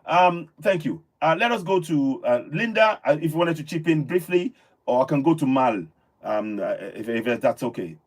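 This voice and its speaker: A man hosting a live online discussion and taking callers in turn. His voice sits a little high and sounds husky. He talks softly and with feeling, and he thanks each speaker. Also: expressive, normal speed. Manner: soft-spoken, emotional, thanking callers warmly. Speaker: host.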